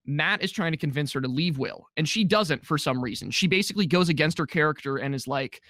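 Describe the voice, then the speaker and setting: Talking fast with hardly any pauses, a man with a slightly high, expressive, fairly bright voice co-hosts a podcast. He casually runs through a movie's plot, cracking jokes and mocking the quoted characters in silly voices. The studio sound is clean and free of room noise.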